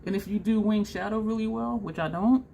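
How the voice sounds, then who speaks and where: A woman vlogging a makeup tutorial in a chatty, excitable way, talking straight to her viewers. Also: mid-range voice, normal speed, vocal fry, a little hiss or hum. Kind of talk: casual makeup tutorial chat.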